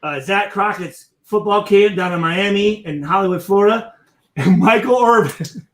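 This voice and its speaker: A man in casual sports chat, telling stories in a loud, profane, animated way. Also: sits high, moderate pace. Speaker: guest, former player.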